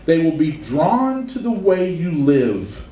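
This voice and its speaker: Pastor preaching in a roomy church. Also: male voice, fairly high pitch, big pitch swings, warm tone. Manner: folksy storytelling, slows for emphasis. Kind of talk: sermon. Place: church sanctuary. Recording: roomy church sound from a distance.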